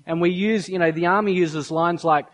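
A man's voice: sits high, normal speed. A man preaching a sermon to a church, telling stories and acting out quotes and sound effects. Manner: storytelling, animated, acts out quotes and sound effects. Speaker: pastor.

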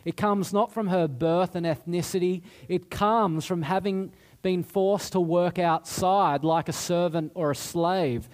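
A man's voice: sits high, steady tone, unhurried, hardly any pauses, a little mellow. A middle-aged man preaching a sermon in a chatty, self-deprecating way, often restarting his sentences. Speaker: pastor.

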